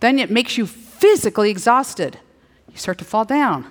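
A middle-aged woman preaching a sermon, playful and animated, slipping into little acted-out dialogues. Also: on the high side, normal speed. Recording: long hall reverb.

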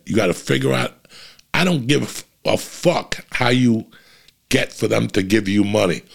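A man's voice: lowish voice, fairly bright tone. A middle-aged man, a comedian hosting his own podcast, giving a blunt, profane motivational monologue. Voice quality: gravelly. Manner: blunt, profane, fired-up ranting.

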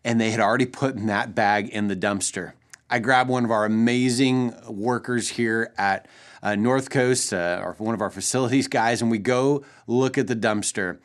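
A man in his thirties, a pastor, telling a family story in an earnest, gentle way for a short devotional. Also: mid-range voice, moderate pace.

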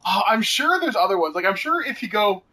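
High, bright-voiced man chatting. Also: very animated, brisk, low-quality recording. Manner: chatty, laughs often, swears casually, many fillers. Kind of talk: casual podcast chat.

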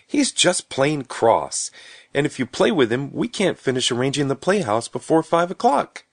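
A man's voice: mid-range voice, big pitch swings, moderate pace, pitched above the performer's own voice. A man voicing an impatient little girl who talks in a fretful, emphatic way.

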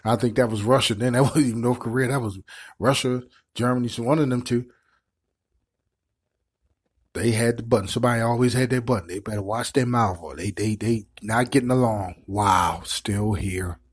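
A middle-aged man's husky, medium-pitched voice carries impassioned live-stream commentary on his online show at a moderate pace. He sounds preachy and repeats words as he develops his points.

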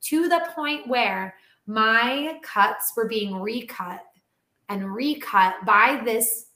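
A woman who trains dogs and animal talent, telling a story in a casual interview with animated, chatty energy and lots of "like.". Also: on the high side, takes it slowly. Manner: animated, chatty, heavy use of "like". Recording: roomy echo.

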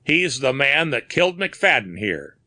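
A man's voice: mid-range voice, sing-song, unhurried, bright, forceful tone, no room sound, pitched above the performer's own voice, exaggerated voice. A man voicing a brash, sneering young patrolman full of slang. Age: young adult.

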